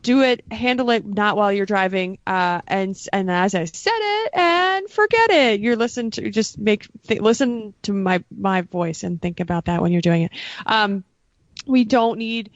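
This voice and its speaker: A woman's voice: mid-range voice, animated, normal speed, dry recording. A woman co-hosting a podcast, giving an earnest, read-out safety reminder with frequent fillers and small slips. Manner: earnest, reads a prepared note with fillers. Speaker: podcast co-host. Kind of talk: casual podcast safety talk. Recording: dull lo-fi sound, dry.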